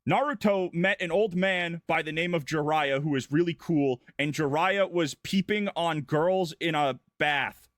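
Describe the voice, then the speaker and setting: A man's voice: fairly high pitch, measured pace, a bit bright, dry recording, clean studio sound. Goofy male streamer rambling a plot recap. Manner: goofy, irreverent, breathless run-on storytelling. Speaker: vtuber streamer.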